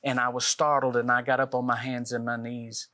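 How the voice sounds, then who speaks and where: A man's voice: medium pitch, level tone, a little fast, bright, forceful tone. A man, a guest author on a talk show, gives an earnest personal testimony and acts out the dialogue he quotes.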